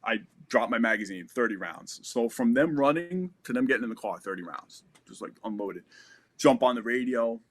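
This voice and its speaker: A man's voice: mid-range voice, lively intonation, normal speed. An American man in his thirties casually telling a war story as a podcast guest, acting out gunfire with sound effects.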